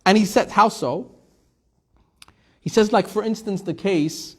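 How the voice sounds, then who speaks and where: A man teaching a Torah class as a rabbi, conversational and lively, quoting Hebrew phrases and asking and answering his own questions. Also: sits high, measured pace, pauses often, husky. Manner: storytelling with Hebrew quotes.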